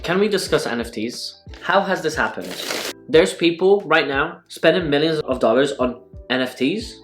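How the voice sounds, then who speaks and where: A man's voice: fairly high pitch, lively intonation, moderate pace, fairly bright tone, soft background music. A man hosting a casual eating vlog, talking through mouthfuls in a wry, sarcastic way. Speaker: food vlogger. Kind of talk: casual mukbang vlog talk.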